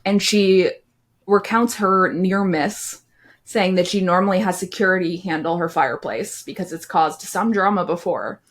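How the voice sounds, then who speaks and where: A woman's voice: fairly low pitch, moderate pace. A young woman co-hosting a podcast in casual chat, talking loosely with lots of fillers. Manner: chatty, many fillers and "like"s. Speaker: podcast co-host.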